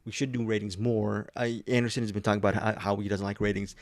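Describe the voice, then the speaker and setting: A man's voice: on the low side, flat delivery, quick pace, dry recording. A man hosting a casual podcast chat, teasing his co-hosts with playful mock outrage. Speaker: podcast host.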